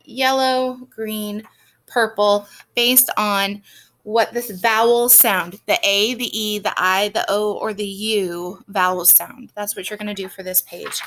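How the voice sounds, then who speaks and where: A woman's voice: medium pitch, fairly bright tone. A woman teacher giving patient, step-by-step instructions for a student's reading work, with frequent "um"s. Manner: patient, explaining step by step with many fillers. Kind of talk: recorded lesson instructions for a student.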